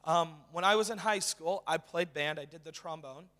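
Young man preaching with high bright voice. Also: normal speed. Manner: casual, excited, with many fillers. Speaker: guest preacher. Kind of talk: sermon. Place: church. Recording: reverberant hall.

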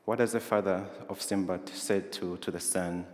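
Low-voiced man preaching in an echoey hall. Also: fairly even intonation, normal speed, a little mellow. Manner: conversational, asks the congregation questions. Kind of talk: sermon. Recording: roomy hall with long reverb.

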